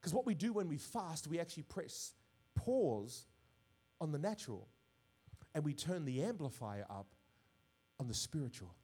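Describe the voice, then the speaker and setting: Pastor, male, fairly high-pitched, sermon delivery with loud emphatic swells and call-outs. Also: sing-song, normal speed, pauses often, breathy edge. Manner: preaching with rising bursts of volume and call-outs.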